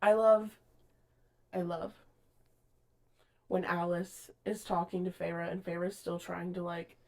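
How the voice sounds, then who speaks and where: Animated woman chatting about a book. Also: lowish voice, slow pace. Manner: animated, acts out characters' lines mid-story. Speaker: podcast co-host. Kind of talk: casual book chat.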